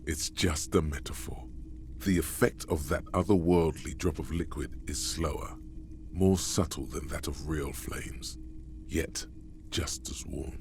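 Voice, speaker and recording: An actor voicing the solemn narrator of a game, delivering poetic lines slowly and with weight. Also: male voice, a bass voice, vocal fry, darkish tone, slight background noise, exaggerated voice. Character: solemn older male game narrator, grave and knowing. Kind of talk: scripted dramatic narration.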